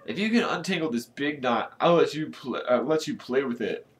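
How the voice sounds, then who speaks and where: A man voicing a dismissive, teasing boy who mutters flatly. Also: mid-range voice, normal speed, natural voice.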